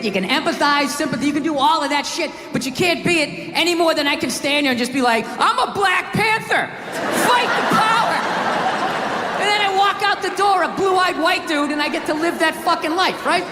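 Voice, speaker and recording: A man doing a stand-up comedy set, ranting loudly and profanely, often shouting, on a large outdoor amphitheater stage with a handheld mic. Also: extremely high pitch, background noise. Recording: echoey live venue with roaring crowd. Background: audience laughing and cheering.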